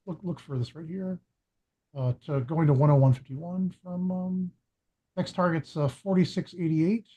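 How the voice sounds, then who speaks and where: Mellow man thinking aloud over numbers. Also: fairly high pitch, steady tone, normal speed, poor audio. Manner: thinks aloud, reads off numbers, many fillers. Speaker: chart analyst host. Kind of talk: casual chart walkthrough.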